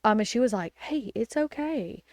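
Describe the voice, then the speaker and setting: A woman podcast host and wedding photographer telling a story in a chatty, animated way, with lots of fillers and acted-out quotes. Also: fairly high pitch, moderate pace, dry recording, clean studio sound. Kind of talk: casual storytelling chat. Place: home.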